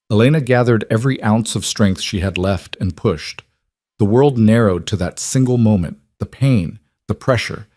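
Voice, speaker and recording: A man reading a dramatic story as scripted narration, in an even, measured way. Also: fairly low pitch, no echo, studio quality.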